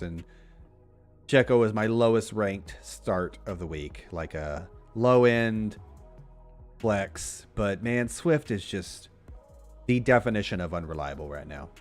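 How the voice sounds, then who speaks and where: A man's voice: on the low side, unhurried, faint music behind. A man co-hosting a podcast in casual chat, blunt, swearing casually and laughing often. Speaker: podcast co-host.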